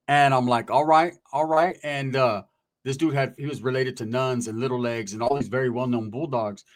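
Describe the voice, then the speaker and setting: Male storyteller, streetwise and profane, animated delivery, slightly high pitch. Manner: profane, streetwise, animated, acts out quoted voices. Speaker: guest recounting prison stories. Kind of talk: casual storytelling.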